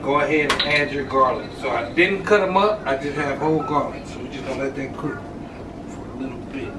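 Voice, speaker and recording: A man cooking in a home kitchen, calmly giving step-by-step instructions to his viewers. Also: medium pitch, fairly quick. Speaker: home cook. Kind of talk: cooking demonstration. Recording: echoey room from a distance, noise.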